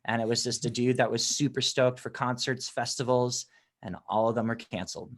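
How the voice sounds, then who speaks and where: A man's voice: mid-range voice, fairly even intonation, fairly quick. Musician guy guesting on a podcast, eager, rambles a bit, medium voice. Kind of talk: casual interview chat.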